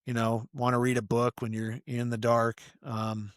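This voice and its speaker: A middle-aged man speaks as a podcast guest in an earnest, meandering way, filling his thoughts with "you know" and "like." His voice is smooth and resonant. The recording is dry and close, with no room echo. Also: mid-range voice, completely flat delivery, normal speed. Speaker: podcast guest, author and coach. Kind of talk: casual interview conversation.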